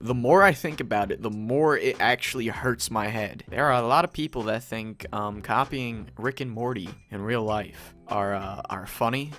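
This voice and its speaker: A man's voice: medium pitch, moderate pace, hardly any pauses, a bit bright. Sarcastic young man ranting. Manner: sarcastic, profane, mocks fans in exaggerated voices. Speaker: commentary YouTuber. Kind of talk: ranting commentary.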